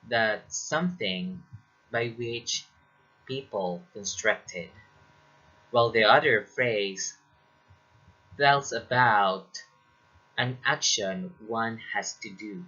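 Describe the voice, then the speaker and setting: Slow, bright-voiced male teacher. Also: on the low side, lo-fi sound. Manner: slow and deliberate, checking in with "okay?". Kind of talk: recorded lecture.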